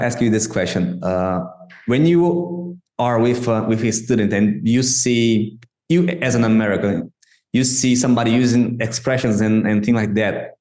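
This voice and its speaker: A man hosting a podcast in English, which is not his first language, with a mid-pitched voice. He pauses often and searches for words. The room around him adds a noticeable echo. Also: darkish tone. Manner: hesitant, halting, frequent "uh". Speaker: podcast host. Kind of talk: interview questions.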